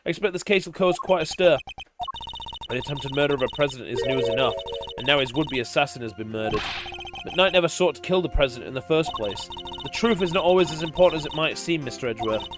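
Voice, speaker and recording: A man voicing a stern older male judge who speaks in a lowered, measured tone. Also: animated, over music, close to an everyday voice. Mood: cold.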